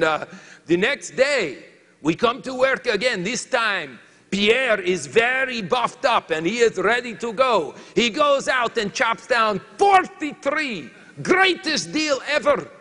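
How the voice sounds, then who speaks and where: Man doing a comic French woodcutter, high-pitched and drawn-out, thick put-on accent, long hall reverb. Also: pushed and bright, full character voice. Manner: halting, broken English, comic timing. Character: boastful French lumberjack man, comic storyteller.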